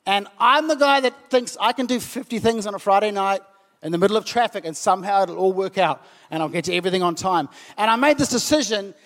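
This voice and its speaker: High-voiced man preaching in a reverberant hall. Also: quick pace, a bit bright. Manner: passionate and conversational, with emotional outbursts. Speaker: pastor. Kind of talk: sermon. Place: church hall with about a hundred people.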